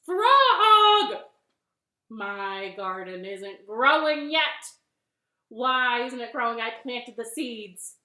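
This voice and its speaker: A woman's voice: fairly high pitch, little pitch movement, unhurried, few pauses, sharp tone. A woman voicing a fretful, impatient male toad gardener who frets and cries out in a fussy, whiny way. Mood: upset. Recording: echoey living room.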